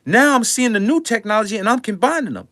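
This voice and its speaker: A man's voice: high-pitched, expressive, fast, a bit bright, no room sound, clean studio sound. An older man, a music producer, giving a passionate, preachy talk to his audience in slangy speech, repeating his lines for emphasis. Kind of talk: passionate monologue.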